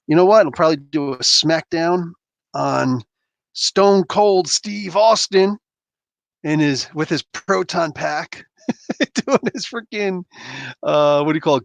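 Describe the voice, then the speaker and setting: A man's voice: fairly high pitch, moderate pace, vocal fry, pauses often, dry recording. A man hosting a casual livestream, rambling and chuckling as he reacts to chat comments. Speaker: livestream host reading chat.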